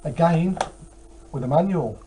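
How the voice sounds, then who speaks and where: A man's voice: fairly high pitch, a little slow, background noise. A tired man chatting casually about his game collection, rambling with many fillers. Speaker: retro game collector vlogger. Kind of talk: casual chat.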